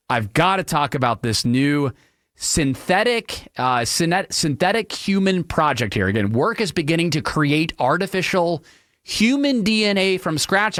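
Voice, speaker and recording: A man hosting his own late-night radio talk show, ranting with big swings in pitch. His voice sits a little high and sounds close and dry on the studio mic. He mocks people with silly high voices now and then. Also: fairly bright tone, no room sound. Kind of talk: opinionated solo radio talk. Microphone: studio microphone.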